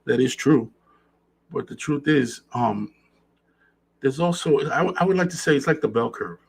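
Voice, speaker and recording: A man's voice: mid-range voice, lively intonation, normal speed, gravelly, husky, rough recording. A man hosting a podcast, talking earnestly in a casual monologue and repeating phrases for emphasis. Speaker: podcast host.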